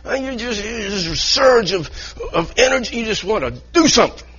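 A man, a pastor, telling an animated story in a sermon with laughing asides. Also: high-pitched, brisk, husky. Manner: animated, laughing asides, grows heated in retelling. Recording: dull lo-fi sound.

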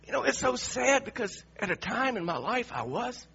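Animated, high-voiced preacher, husky and bright. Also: male voice, moderate pace, lo-fi sound. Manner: animated, emphatic, questioning the audience. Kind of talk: sermon.

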